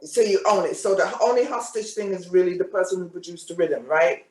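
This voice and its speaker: A woman hosting a podcast and asking her guest questions in an unhurried, friendly way. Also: on the low side, a little mellow. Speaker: podcast host. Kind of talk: casual interview. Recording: echoey room sound.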